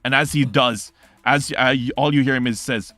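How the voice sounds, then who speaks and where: A man's voice: medium pitch, fairly even intonation, moderate pace, bright, forceful tone, no room sound. Man narrating as game master. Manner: dramatic narration, often searching for words.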